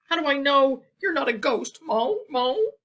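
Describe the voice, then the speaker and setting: A woman voicing a nervous, gentle male goose in a storybook read-aloud. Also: animated, a little slow, husky, recorded from a distance, heavily acted. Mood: doubtful. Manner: worried, honking high voice.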